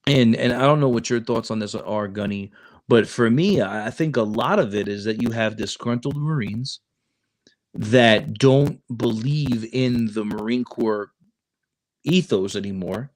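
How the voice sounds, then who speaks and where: Man, casual podcast talk, recruiter, mid-pitch, repeats words while searching for them. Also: measured pace, poor audio. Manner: animated, repeats words and restarts often. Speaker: podcast co-host, Marine recruiter. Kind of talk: casual chat.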